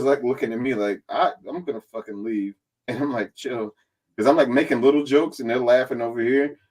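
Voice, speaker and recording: A man casually recapping events as a podcast guest, swearing freely and acting out what others said. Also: mid-range voice. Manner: animated and profane, acting out others' lines in quotes. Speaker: reality competition contestant and guest.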